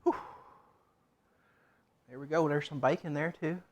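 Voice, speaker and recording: A man's voice: a little high, unhurried. A man streaming himself cooking in a home kitchen, chatting casually and rambling to himself as he works.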